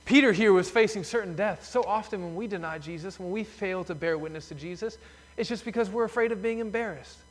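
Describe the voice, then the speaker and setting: In a church hall with long reverb, a high-pitched pastor preaches a little fast, telling the story emphatically in his sermon.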